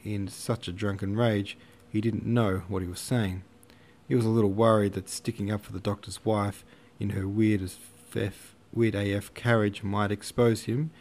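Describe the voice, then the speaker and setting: A man's voice: on the low side, darkish tone. A man narrating a classic novel in a slangy, irreverent retelling. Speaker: audiobook narrator. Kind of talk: casual audiobook narration.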